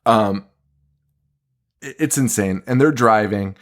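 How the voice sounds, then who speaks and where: A man's voice: lowish voice, takes it slowly. A man co-hosting a podcast, casually recapping a film scene by scene, swearing often and laughing in disbelief. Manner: profane, laughing, incredulous recapping. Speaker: podcast co-host. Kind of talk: casual movie review chat.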